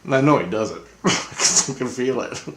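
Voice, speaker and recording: A man rambling through a personal story, laughing now and then. His mid-pitched voice sounds roomy and echoey, as if he is in a bare room. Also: fairly bright tone. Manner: rambling, chuckling. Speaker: vlogger. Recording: roomy echo.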